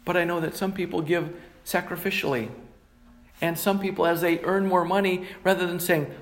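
A man's voice: sits high, fairly even intonation, moderate pace, gravelly. A middle-aged man, a pastor, preaching a sermon and reading scripture passages in a plain teaching tone.

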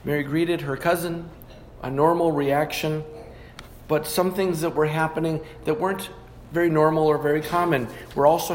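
A man's voice: a little high, a little hiss or hum. A man preaching a sermon, teaching through scripture and often stopping to correct himself. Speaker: pastor.

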